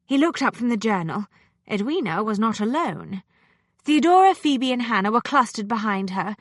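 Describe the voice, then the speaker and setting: Woman audiobook narrator, expressive storyteller, animated pitch, dry studio sound. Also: moderate pace, dry recording. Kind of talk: scripted narration.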